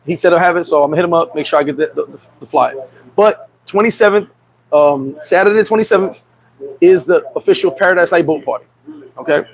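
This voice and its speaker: A man with a high-pitched, gravelly voice chats loosely on a livestream. He reads viewer comments aloud, gives shout-outs, and rambles with frequent restarts and chuckles. The talk is relaxed and unscripted. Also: brisk, a little hiss or hum, poor audio. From United States. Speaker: livestream host. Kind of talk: casual livestream chat.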